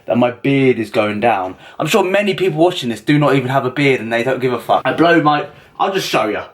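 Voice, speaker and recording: A young man vlogging casually, rambling with excitement and swearing freely. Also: medium pitch, brisk. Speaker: fitness vlogger. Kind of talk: casual vlog chat. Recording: roomy echo, faint noise.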